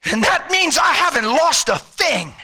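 High, bright, fervent male preacher. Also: sing-song, measured pace. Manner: fervent, exhorting, builds to shouts then drops low. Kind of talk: sermon.

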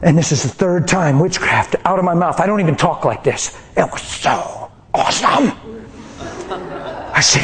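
A middle-aged man preaching a testimony sermon, passionate, swinging from hushed whispers to loud cries. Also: fairly high pitch, expressive, moderate pace.

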